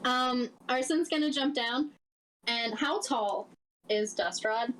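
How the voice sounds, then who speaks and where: A woman's voice: a little high, takes it slowly, a bit bright, slight background noise, low-quality recording. A woman playing a tabletop game, chatty and giggly. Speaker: player. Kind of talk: casual tabletop play.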